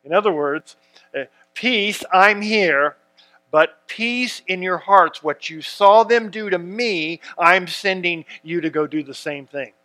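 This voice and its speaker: A man's voice: sits high, slow pace, bright, forceful tone. A man preaching a sermon, reading scripture and stressing key words earnestly, with frequent restarts. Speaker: pastor.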